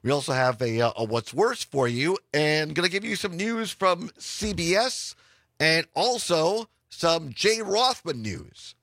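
Hoarse, chatty radio host with a gravelly voice. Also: male voice, a little high, animated, unhurried, a bit bright, dry recording. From Wisconsin. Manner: chatty, laughs often. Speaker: radio talk show host. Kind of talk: casual radio talk. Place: radio studio. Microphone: studio microphone.

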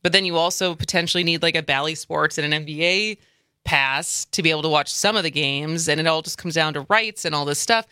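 A woman's voice: low voice, a little fast, pushed and bright, clean tone, dry recording. A woman co-hosting a talk radio show, chatting casually and rambling with frequent laughs. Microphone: studio microphone.

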